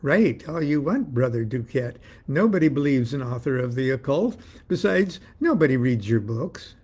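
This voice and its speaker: A man's voice: mid-range voice, animated, normal speed, a little mellow, husky. A man doing a smug, cryptic secret master. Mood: brisk, smug. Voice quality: phony European accent at first, later plain. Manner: cryptic, mocking, pompous. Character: mysterious male secret master, smug and teasing.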